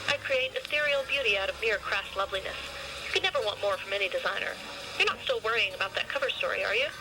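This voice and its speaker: A woman's voice: medium pitch, fast talker, noisy background, natural voice. A haughty, snide male fashion designer speaking with lofty contempt. A woman reads him. His lines come from a storybook reading.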